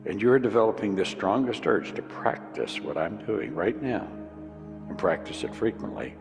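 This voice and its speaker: Hypnotist: deep man with a gravelly edge, slow repetitive instructions, reverberant recording with music. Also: animated. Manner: slow, soothing, repetitive commands. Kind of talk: guided hypnosis visualization.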